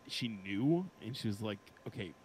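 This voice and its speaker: A man's voice: fairly low pitch, fairly quick, gravelly, fairly bright tone, a little hiss or hum, rough recording. A young male podcast guest telling a laid-back, profane story from school days. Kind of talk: casual chat.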